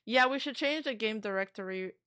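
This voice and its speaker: A woman's voice: a little high, fairly quick, bright, forceful tone, no room sound, studio quality. A young adult woman streamer in casual reaction commentary, chatty, swearing freely and filling her talk with "like.".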